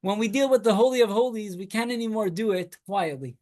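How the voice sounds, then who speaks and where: A man, a rabbi, giving a weekly Torah class to students in a classroom. He tells stories with energy and trades quick remarks with his listeners. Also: high-pitched. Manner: animated storytelling, talks with students.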